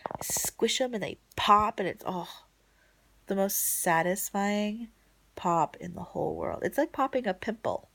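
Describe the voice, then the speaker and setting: A woman vlogging a casual video diary from home late at night, rambling and emotional, swinging between bright excitement and soft low murmurs. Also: unhurried, vocal fry, slight background noise.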